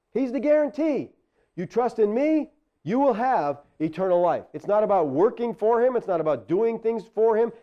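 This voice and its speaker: A man's voice: high-pitched, muffled recording. A man preaching a sermon as pastor, talking conversationally and rising to emphatic exclamations.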